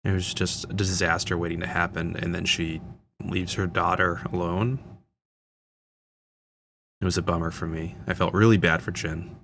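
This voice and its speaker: A man with a very low voice talks through a movie in a loose, casual commentary, chatty and openly enthusiastic, dropping fillers and restarting his sentences. A faint noise sits under his voice. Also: fairly even intonation, moderate pace, pauses often, a bit bright. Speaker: channel host. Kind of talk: casual film audio commentary.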